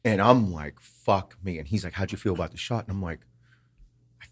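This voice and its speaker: A man hosting a podcast, telling a story in a casual, animated way, swearing often and acting out what others said. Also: low voice, fairly quick, husky. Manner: animated, swears a lot, acts out quotes. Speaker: podcast host.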